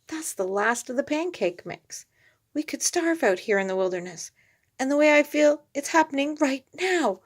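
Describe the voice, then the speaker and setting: A woman's voice: high-pitched, animated, normal speed, voice pushed up. A woman voicing a proud, fussy cartoon father dog who exclaims theatrically, read from a storybook. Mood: dramatic.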